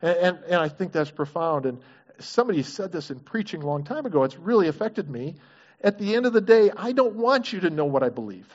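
A man's voice: high-pitched, sing-song, fairly quick, a little mellow. A man preaching a sermon, asking his congregation questions in an earnest, engaged way. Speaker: pastor. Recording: dull lo-fi recording.

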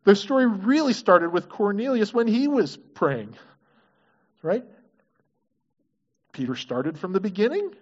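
Animated male preacher, lo-fi sound. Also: high-pitched, measured pace, long pauses. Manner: asks the congregation questions, animated and earnest. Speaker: pastor. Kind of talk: sermon. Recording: dull lo-fi recording.

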